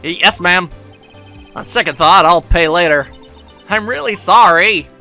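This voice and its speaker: A man's voice: high-pitched, a little slow, bright, forceful tone, faint music behind, heavily acted. A man voicing a flustered young male lawyer who stammers nervously.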